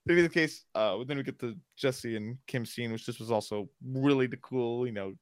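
Guy rambling thru a tv recap, restarts a lot, gets excited, dry close sound. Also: mid-range voice, moderate pace, dry recording. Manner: rambling, self-interrupting, enthusiastic. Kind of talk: casual TV recap chat.

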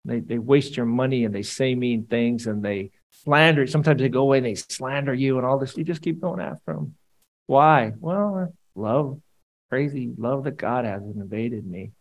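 Animated man preaching. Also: mid-range voice, normal speed, low-quality recording. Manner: conversational, animated preaching with playful asides. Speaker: pastor. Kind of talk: sermon.

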